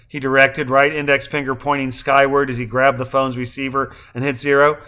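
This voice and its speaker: A man narrating a novel aloud in a measured reading. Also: mid-range voice, little pitch movement, bright, forceful tone. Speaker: audiobook narrator. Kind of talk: scripted narration.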